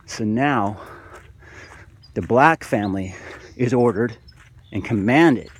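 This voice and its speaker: A man's voice: lowish voice, slow, breathy edge. A man in a spiritual monologue to camera, fervent and preachy, rambling with restarts and calling the viewers "guys". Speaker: vlogger.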